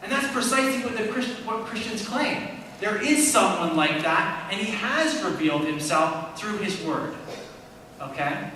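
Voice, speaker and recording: High bright man in an echoey hall. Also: lively intonation, measured pace, distant mic, slight background noise. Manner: conversational, checks in with "okay?". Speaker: Christian apologist speaker. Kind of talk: church apologetics talk. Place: church hall.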